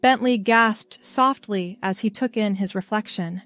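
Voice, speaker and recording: A woman reading a scripted story aloud in a calm, even storybook manner. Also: mid-range voice, a little slow.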